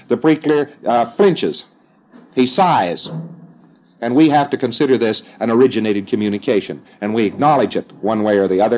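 A man lectures in a mid-range voice, conversational but emphatic, and drops in folksy fillers as he explains. The sound is dull and muffled, like an old lo-fi tape. It feels like an instructional talk to a class. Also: mid-range voice.

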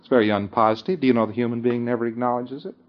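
A man's voice: medium pitch, steady tone, racing, dull audio. A man giving an informal lecture, often chuckling and checking that his listeners follow him. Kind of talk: conversational lecture.

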